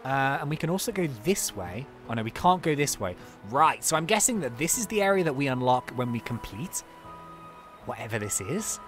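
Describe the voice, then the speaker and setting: A let's-play host chatting excitedly through gameplay, laughing often and reacting out loud. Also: medium pitch, brisk, over music. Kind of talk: casual gameplay commentary.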